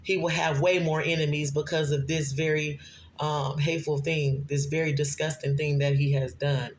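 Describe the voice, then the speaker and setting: A man delivering a prophetic sermon, reading scripture slowly and pausing often to ask "okay?". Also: on the high side, level tone, slight background noise. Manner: frequent checking "okay?" asides, slow deliberate scripture reading. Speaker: self-described prophet and messenger.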